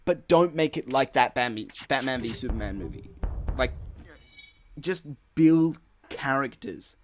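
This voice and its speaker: A man's voice: medium pitch, expressive, unhurried, a little hiss or hum. A man hosting his own gaming channel, ranting in a casual solo podcast with many filler words and frequent swearing. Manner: rambling, frustrated, heavy swearing and filler words.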